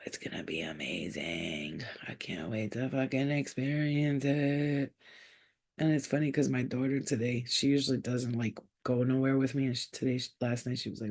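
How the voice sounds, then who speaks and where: A woman's voice: a bass voice, a little fast, darkish tone. A woman vlogger in casual chat, swearing freely and sliding into baby talk. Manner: profane, slipping into baby talk.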